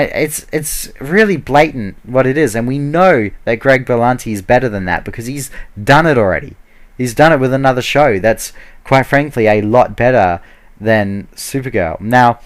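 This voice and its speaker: A man's voice: medium pitch, clear, resonant tone. A man giving a heated, casual ranting review, full of fillers and restarts. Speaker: video blogger.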